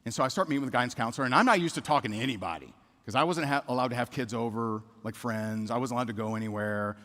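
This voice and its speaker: A man's voice: medium pitch, very fast, a bit bright. A middle-aged man giving a motivational speech, telling a personal story with candid repetition and asking the audience questions. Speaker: keynote speaker. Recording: reverberant hall.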